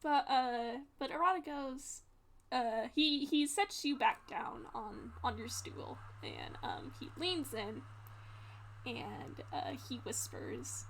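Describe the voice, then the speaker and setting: A woman's voice: high-pitched, sing-song, slow pace, slight background noise. A woman narrating her character's actions in a role-play, rambling with fillers.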